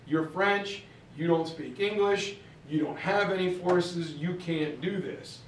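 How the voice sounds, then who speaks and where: Man playing an exasperated commander, flat and dismissive, echoey far-off sound. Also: high-pitched, slow pace, slight background noise. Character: exasperated middle-aged male commander. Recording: echoey room, mic far off.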